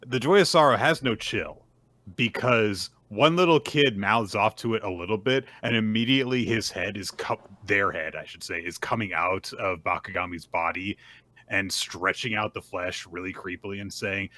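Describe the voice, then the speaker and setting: A man's voice: lowish voice, normal speed, sharp tone, dry recording. A man co-hosting a podcast, casually retelling a manga chapter in a chatty storytelling way. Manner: chatty storytelling, acts out dialogue. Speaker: podcast co-host.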